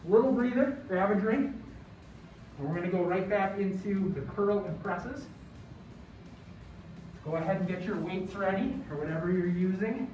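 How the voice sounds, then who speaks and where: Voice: medium pitch, moderate pace, long pauses, darkish tone, a little hiss or hum. A fitness instructor coaching a home workout in an encouraging way, counting down between exercises. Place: large echoey room, broadcast workout. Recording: echoey room, distant dull mic.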